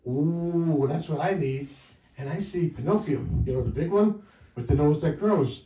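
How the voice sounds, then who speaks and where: A man in his sixties doing a stand-up comedy set with wry, punchy delivery, jumping louder for quoted lines. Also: fairly high pitch, normal speed. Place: comedy club stage. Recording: roomy live sound from a distance.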